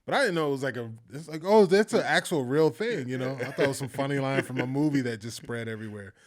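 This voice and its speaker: A man talking casually in an interview, telling lively anecdotes, acting out the voices of the people in them and laughing often. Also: medium pitch, fast talker. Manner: animated storyteller, acts out quoted voices, laughs often. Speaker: filmmaker guest.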